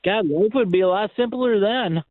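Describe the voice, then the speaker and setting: A laid-back man calling into a radio show with a slightly high voice. He drawls slowly and vaguely. The call comes through a thin, tinny phone line with no room sound. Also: no room sound. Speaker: caller.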